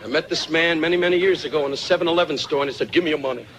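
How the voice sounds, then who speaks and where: A man doing insult roast stand-up on a banquet stage, firing brash rapid jabs at the audience. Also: a little high. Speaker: roast comedian. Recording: noisy old archive recording. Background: laughing audience.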